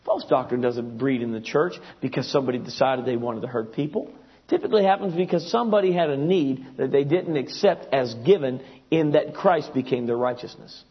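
A male pastor preaching a sermon, swinging from loud exclamations to hushed asides and acting out the voices of others. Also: mid-range voice, a little fast, slightly rough. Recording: dull lo-fi recording.

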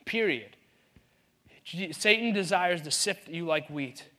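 A man's voice: on the high side, animated, slow, bright, forceful tone. A man preaching a sermon in an earnest, conversational way, often restarting his sentences. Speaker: pastor.

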